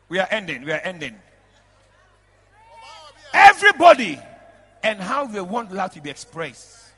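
A bishop preaching in a high, gravelly voice with a husky edge. He shouts out to his congregation and laughs along with them. The recording carries the long reverb of a big church hall. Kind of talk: lively church sermon. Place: large church.

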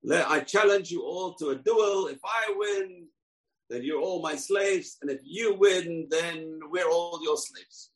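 A man's voice: on the high side, measured pace, pitched above the performer's own voice, low-quality recording. A man voicing a boastful, menacing male giant warrior who issues a challenge. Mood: taunting.

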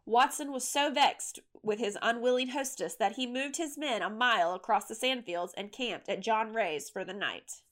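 A woman reading a history story as scripted narration, measured and steady. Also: on the high side.

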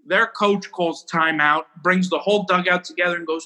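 Young male ballplayer guest, slightly high, bright, rambling storyteller. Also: poor audio. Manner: rambling, animated, quick to laugh at himself. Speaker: baseball pitcher guest. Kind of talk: casual storytelling interview.

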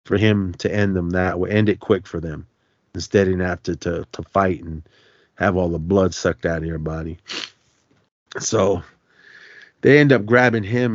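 A man's voice: deep voice, no echo. A man hosting a podcast, casually retelling a film's plot in a loose, rambling way with lots of fillers and restarts. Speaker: podcast host. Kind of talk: casual movie recap. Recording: dull, dry lo-fi sound.

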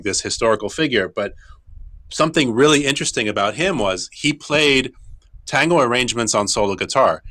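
Bright-voiced middle-aged man explaining, halting. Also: mid-range voice. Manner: thoughtful, halting, with frequent restarts. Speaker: tango guitarist and teacher. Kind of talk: explanatory interview answers.

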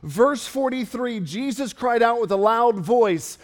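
A man's voice: extremely high pitch, animated, unhurried, big-room sound. A male pastor preaching a sermon in a church, fervent and storytelling.

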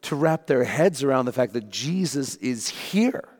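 A man preaching a sermon, telling the story with lively, animated delivery. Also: mid-range voice, unhurried, in a large hall. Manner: animated storytelling, acting out panicked voices. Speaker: pastor.

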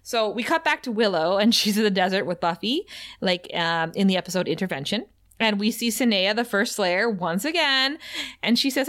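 A woman with a medium-pitched, lively, somewhat bright voice co-hosts a podcast at a moderate pace. She casually recaps a TV episode, giggling and laughing often as she talks.

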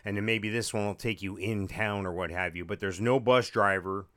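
A man's voice: on the low side, fairly even intonation, normal speed, fairly bright tone. A man co-hosting a casual podcast chat, joking and wry, rambling through restarts. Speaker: podcast co-host.

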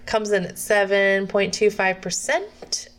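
A woman's voice: medium pitch, a little slow. Woman co-host reading beer labels. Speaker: podcast co-host. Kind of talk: casual chat.

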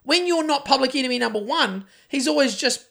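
A woman's voice: sits high, lively intonation, fairly quick, creaky, fairly bright tone. A woman co-hosting a podcast, telling stories in a casual, ranting way and swearing a lot. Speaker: podcast co-host. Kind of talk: casual chat.

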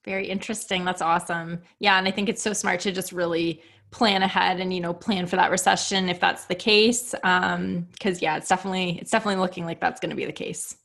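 A woman's voice: on the low side, fairly even intonation, fast talker, vocal fry, hardly any pauses, a bit bright. Upbeat woman hosting an interview. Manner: affirming, upbeat. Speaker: podcast host.

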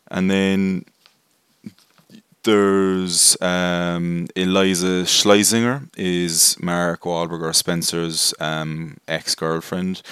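A man's voice: low voice, fairly bright tone, smooth, no echo, studio quality. A man hosting a casual film review podcast, rambling and self-deprecating with lots of fillers. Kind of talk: casual spoken movie review.

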